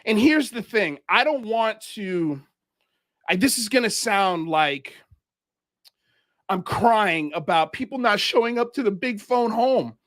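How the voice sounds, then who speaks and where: A man's voice: high voice, animated, measured pace, fairly bright tone. A man from Miami hosting a livestream, ranting in heated commentary as he calls people out. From Miami, United States. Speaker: show host.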